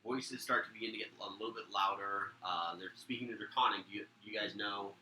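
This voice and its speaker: GM, man, low-ish, bright and forceful, casual narration in a roomy space. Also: fairly even intonation, fast talker. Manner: loose, filler-heavy narration. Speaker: game master. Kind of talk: narrating a tabletop game. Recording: roomy echo, faint noise.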